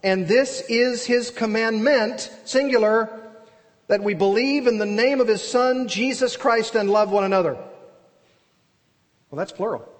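High-voiced man preaching in a hall. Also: normal speed. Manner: earnest, emphatic, asks and answers his own questions. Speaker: pastor. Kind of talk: expository sermon.

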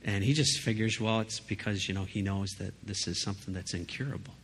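A man's voice: on the low side, brisk, slight background noise. A man giving a casual, emphatic sermon, talking conversationally with frequent asides to his listeners. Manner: conversational, emphatic, frequent "you know" and "right?". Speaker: preacher.

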